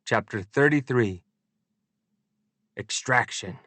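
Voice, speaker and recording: A man narrating a first-person audiobook in an expressive, deliberate storytelling manner. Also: mid-range voice, no echo.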